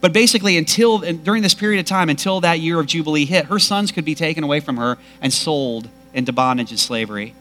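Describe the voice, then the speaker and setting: A man preaching a sermon to a congregation, animated and emphatic. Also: a little high, quick pace, few pauses. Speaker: pastor.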